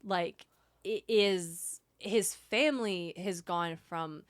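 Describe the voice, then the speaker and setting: A woman's voice: fairly low pitch, slow, no echo. A woman co-hosting a book podcast, chatting casually with lots of fillers and reading passages aloud. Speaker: podcast co-host.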